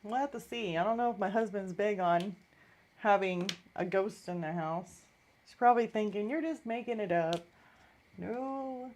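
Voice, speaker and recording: A woman's voice: mid-range voice, normal speed, darkish tone. A middle-aged woman hosting a live art stream, telling a story in casual chat and acting out the voices of the people in it.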